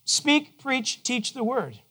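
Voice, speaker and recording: A man preaching a sermon to his congregation in a conversational way, asking them questions and dropping to a soft, low voice for gentle moments. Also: big pitch swings, slow pace. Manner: drops to a soft, low voice to quote God gently. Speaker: pastor. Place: church.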